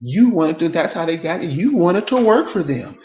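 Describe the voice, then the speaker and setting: A man's voice: on the high side, animated, moderate pace, darkish tone, reverberant, muffled recording. A man delivering a casual, emphatic monologue to his viewers, repeating rhetorical questions over and over. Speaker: online commentator.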